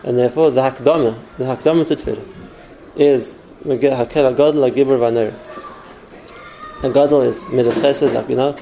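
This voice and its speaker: Man, Torah teacher, earnest explanatory delivery, dark gravelly tone, faint background noise. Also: medium pitch, fairly even intonation, normal speed, low-quality recording. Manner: earnest, explanatory, uses numbered points. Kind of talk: spoken Torah class.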